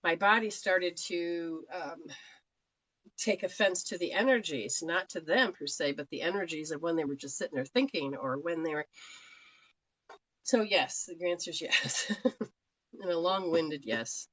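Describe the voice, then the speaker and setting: A woman's voice: on the low side, unhurried, a bit bright, no echo, poor audio. A woman from Australia giving live spiritual readings in a chatty, rambling way, laughing often. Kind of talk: live-stream talk.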